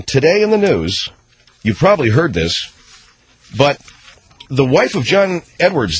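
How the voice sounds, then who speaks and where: A man hosting a call-in radio talk show, chatting in a sardonic, animated way. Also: medium pitch, slightly rough.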